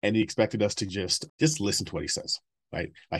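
A man in his thirties with a low, husky voice speaks quickly in a candid interview. His talk is blunt and full of swearing, and he laughs between stories. He has a rough edge and a rapid pace. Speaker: interview guest.

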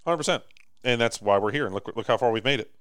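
Rambling, animated American podcast host. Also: male voice, medium pitch, quick pace, smooth, no echo, studio quality. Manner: animated, rambling, swings loud and soft. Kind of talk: casual chat.

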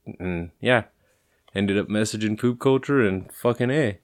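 A man's voice: on the low side, measured pace. A man co-hosting a podcast, talking loosely and swearing a lot, rambling with fillers while stoned. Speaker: podcast co-host. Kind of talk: casual podcast chat.

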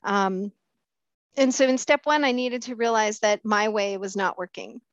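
A middle-aged woman giving a candid, self-mocking recovery talk, pausing often with fillers and restarts. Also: medium pitch, no room sound. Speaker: speaker sharing at a recovery meeting. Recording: dull, dry lo-fi sound.

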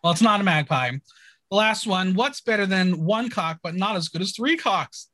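A man's voice: sits high, moderate pace, no room sound. A man hosting a podcast, casually recapping a TV show with jokes and laughter. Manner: animated, laughing, joking. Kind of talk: casual chat.

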